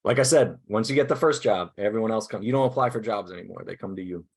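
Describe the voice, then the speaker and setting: A man presenting a teacher workshop over a video call, upbeat and self-deprecating, talking casually in halting starts from his desk. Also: fairly low pitch, creaky, slightly rough. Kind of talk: casual online workshop talk. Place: indoors at a desk.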